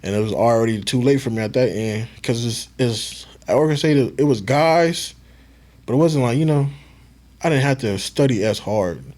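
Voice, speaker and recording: Relaxed male podcast guest, former football player, loose storytelling. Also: medium pitch, normal speed. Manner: laid-back, swears casually, acts out quotes. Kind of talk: casual storytelling.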